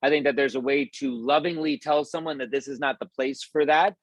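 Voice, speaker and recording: Rambling motivational team talk, slightly high male voice, dry close sound. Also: huge pitch swings, brisk, creaky, dry recording. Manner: loose and rambling, with many restarts and fillers; acts out quoted voices in a higher, louder pitch. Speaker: company leader giving a motivational talk.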